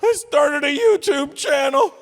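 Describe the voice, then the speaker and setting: A man in his fifties putting on a whiny, self-important young male influencer, high and shouting in slow drawn-out words, in a reverberant hall. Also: animated. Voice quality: shrill, drawn-out.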